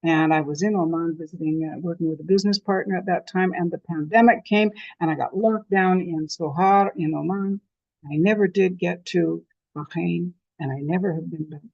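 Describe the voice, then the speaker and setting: A Canadian woman past sixty-five, giving a lively motivational talk and telling her story with self-deprecating humor. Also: fairly low pitch, moderate pace, creaky, dry recording, muffled recording. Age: over 65. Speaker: conference speaker.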